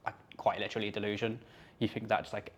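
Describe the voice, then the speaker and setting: A man's voice: on the low side, little pitch movement, fast. A man interviewing casually, asking questions with self-deprecating laughs.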